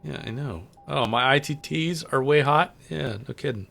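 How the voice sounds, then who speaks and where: A man's voice: medium pitch, normal speed, gravelly, fairly bright tone, soft background music. A man hosting a casual livestream, chatting and telling stories with a joking manner while he flies. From United States. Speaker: livestream host and pilot.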